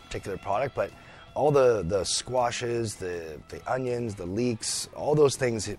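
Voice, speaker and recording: A man from British Columbia, a chef, chatting as a guest in a radio studio, relaxed and friendly with lots of small hesitations. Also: mid-range voice, unhurried, soft background music. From British Columbia, Canada. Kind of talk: casual radio interview.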